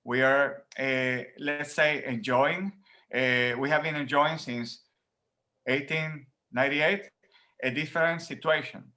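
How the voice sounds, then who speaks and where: A man from Rico, a professor answering interview questions in an animated way, laughing often and repeating words as he thinks, talking from home. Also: on the high side, slow pace. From Puerto Rico. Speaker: professor guest.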